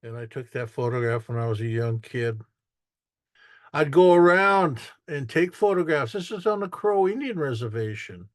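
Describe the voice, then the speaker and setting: A man's voice: mid-range voice, animated, normal speed, dry recording. Man telling stories, dry sound. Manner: rambling, with restarts and acted-out quotes. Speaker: photographer giving an artist talk. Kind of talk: casual storytelling while showing photos.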